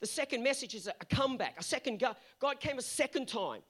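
A man's voice: extremely high pitch, expressive, fast, fairly bright tone. A male pastor delivering an earnest sermon that builds to emphatic peaks.

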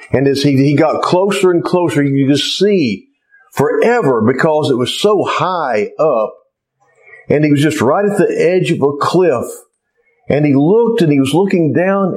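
Male pastor, sermon delivery, slow and measured, very animated pitch. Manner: unhurried storytelling with lively pitch.

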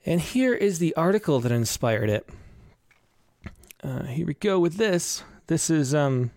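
A man's voice: fairly high pitch, sing-song, a little slow, vocal fry, a little mellow, no room sound, clean studio sound. A man hosting a podcast, talking casually and rambling with many fillers. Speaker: podcast host.

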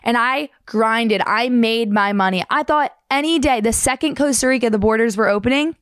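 A woman's voice: a little high, clean tone, no room sound. Chatty young woman, dry close sound. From New Jersey, United States. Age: young adult. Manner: fast, chatty, animated storytelling with slang. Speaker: surfer telling her story. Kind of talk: casual storytelling to camera.

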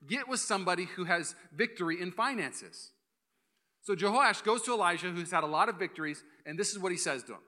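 Fast, bright-voiced young pastor preaching. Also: male voice, sits high. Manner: energetic, joking asides, fast bursts. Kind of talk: sermon. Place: church hall.

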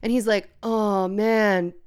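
A young woman telling a story on a podcast, animated and swearing freely as she acts out the people in it. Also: mid-range voice, takes it slowly, clean tone.

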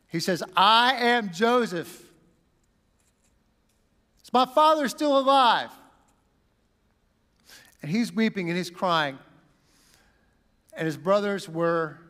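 A man preaching a sermon, dramatic, swinging from loud bursts down to a near whisper. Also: a little high, in a large hall. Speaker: pastor.

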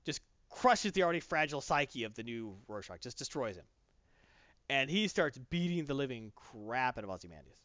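Lively, bright-voiced man recapping. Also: mid-range voice, no echo, highs cut off. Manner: animated retelling, puts on quick character voices. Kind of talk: casual chat recapping a comic.

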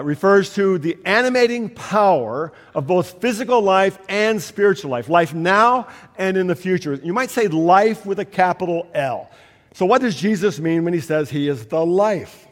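Preaching man in an echoing hall. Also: a little high. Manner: storytelling with emphatic, rising delivery. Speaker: pastor. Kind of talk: sermon. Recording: long hall reverb.

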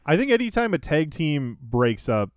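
A man's voice: fairly high pitch, sing-song, moderate pace, clear, resonant tone, dry recording. Man recapping a wrestling show, dry sound. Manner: recaps events in order, laughs easily. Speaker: podcast host. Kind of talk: casual recap chat.

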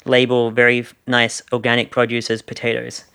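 An Australian man talks through a casual podcast discussion at a mid pitch. He circles his points with restarts and fillers and slips in dry sarcasm. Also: monotone, brisk, gravelly, sharp tone, smooth.

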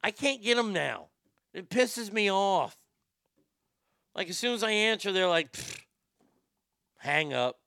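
High, gravelly-voiced comic radio host. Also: male voice, lively intonation, unhurried, pauses often, bright, forceful tone, dry recording, studio quality. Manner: profane, rambling, joking. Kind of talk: comedic talk radio monologue.

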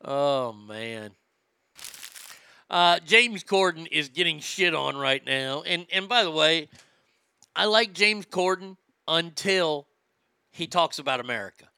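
A man hosting a comedy show, ranting loudly and profanely and mocking celebrities. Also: fairly high pitch, lively intonation, slow pace, smooth, no room sound. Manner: loud, profane, mocking, laughs at own jokes. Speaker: comedy podcast host. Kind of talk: crude comedic rant.

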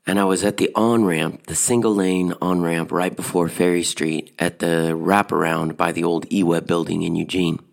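Brief: low-voiced man, heavy vocal fry, casual personal storytelling. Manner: relaxed conversational storytelling.

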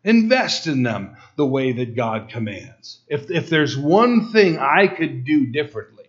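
A middle-aged man preaching a sermon, telling a personal story in quick bursts with stammered restarts. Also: a little high, very animated. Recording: dull lo-fi recording.

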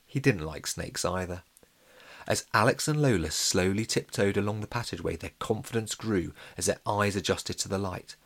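Low-voiced male storyteller. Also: gravelly, a bit bright. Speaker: narrator. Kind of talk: children's audiobook narration.

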